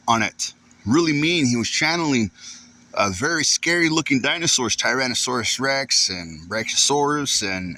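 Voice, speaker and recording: A man's voice: mid-range voice, bright, forceful tone, low-quality recording. Rambling man telling a story outdoors. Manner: rambling, repeats himself, swears casually. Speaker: vlogger. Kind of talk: casual storytelling.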